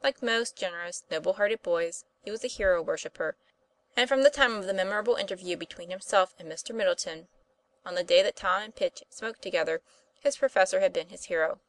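A woman reading an old-fashioned children's story aloud in steady narration. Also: medium pitch, a little fast. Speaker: audiobook reader. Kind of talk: scripted narration.

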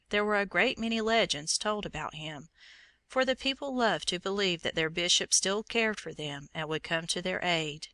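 A woman narrating a children's storybook legend in a gentle, even storytelling manner. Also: fairly low pitch, creaky, dry recording.

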